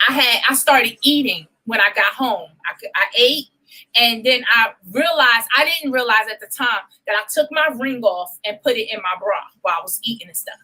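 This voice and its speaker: A young woman co-hosting a casual chat show, telling a story in an animated, profane way and acting out the voices of people she quotes. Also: a little high, normal speed, low-quality recording. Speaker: podcast co-host.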